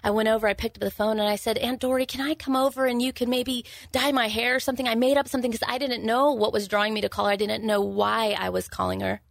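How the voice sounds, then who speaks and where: California woman telling her testimony, gravelly voice, dry close sound, keeps restarting. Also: a little high, flat delivery, dry recording. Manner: earnest, halting, many restarts. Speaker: guest sharing her testimony. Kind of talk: personal testimony interview.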